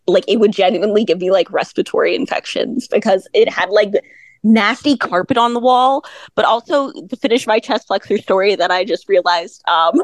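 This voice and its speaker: A woman's voice: mid-range voice, no echo. A woman guest on a podcast, telling stories casually with laughs and lots of fillers. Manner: laughing, rambling storyteller with many fillers. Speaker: guest wrestler.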